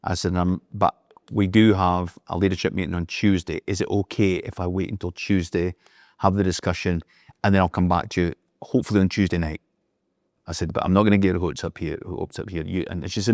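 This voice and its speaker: In clean, dry studio audio, a middle-aged man talks quickly in a low, darkish, flat voice. He is a business leader being interviewed, casually relating anecdotes and voicing the people in them as he goes.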